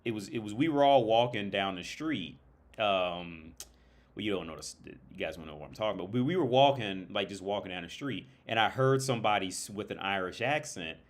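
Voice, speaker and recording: A man's voice: on the low side, lively intonation, a little fast. A man hosting a livestream in a casual, rambling, profane style, full of fillers, who breaks into imitations of British and Irish accents. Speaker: livestream host.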